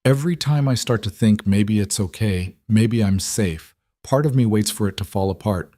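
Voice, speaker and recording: A man's voice: fairly low pitch, moderate pace, warm tone, no echo, close to an everyday voice. Guarded, wounded young woman, played by a man, hesitant, dry audiobook read. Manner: hesitant, vulnerable.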